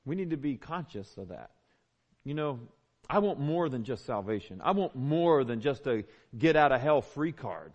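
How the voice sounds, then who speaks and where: A man's voice: mid-range voice, animated, normal speed, highs cut off. A man, preaching a sermon as a pastor, conversational and emphatic with repeated phrases. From Southern United States. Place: church.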